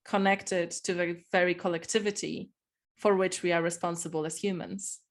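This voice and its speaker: A woman co-host jumping in quickly to ask a question. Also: on the low side, fairly even intonation. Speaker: podcast co-host. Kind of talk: academic interview.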